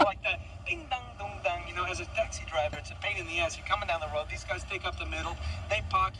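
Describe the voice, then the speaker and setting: A man's voice: sits high, distant mic, voice pushed up. A man voicing a chatty male cab driver with a Boston accent, who rambles and laughs at his own stories. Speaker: taxi driver. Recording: noisy street and traffic, off-mic.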